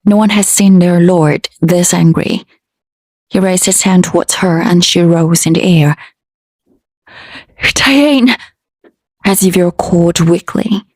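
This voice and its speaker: A woman storyteller reading a fantasy romance aloud in a steady, unhurried way. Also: fairly low pitch, no echo.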